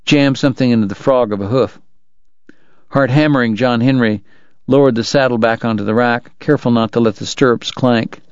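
A man narrating a novel aloud for a radio book program, in a measured, dramatic delivery. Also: medium pitch, clean tone, dry recording, highs cut off. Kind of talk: audiobook narration.

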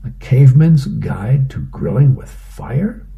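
A man's voice: medium pitch, lively intonation, takes it slowly, vocal fry, narrow, tinny audio, pitched above the performer's own voice. A man reading a comic aloud, voicing a dry, skeptical wife.

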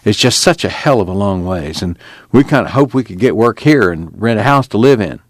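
A man voicing a wary young farm man with slow, doubtful rural speech. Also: fairly low pitch, expressive, no echo.

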